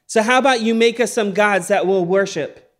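Guy doing fretful crowd voice, rushing, kinda high and worried. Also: a bit bright. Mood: anxious. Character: anxious crowd of wanderers.

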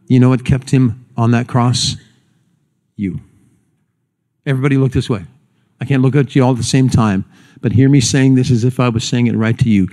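A man preaching a sermon to a congregation. He tells a folksy story, then slows and drops low and quiet for the solemn points. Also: fairly even intonation. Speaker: pastor.

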